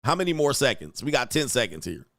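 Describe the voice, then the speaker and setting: A man's voice: medium pitch, very animated, quick pace, creaky, a bit bright, dry recording, clean studio sound. Blunt, mocking male commentary host. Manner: blunt, crude, mocking, slangy. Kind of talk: reaction commentary on clips.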